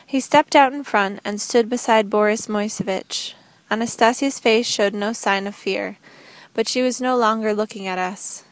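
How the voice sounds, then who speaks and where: A woman narrating a novel as an audiobook reader, with a steady, measured reading. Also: medium pitch, dry recording.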